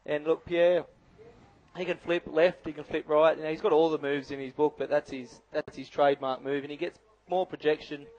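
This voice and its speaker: A man's voice: a little high, little pitch movement, normal speed, a little mellow, lo-fi sound. A man giving live color commentary on a bodyboarding contest, chatty and analytical with lots of "you know".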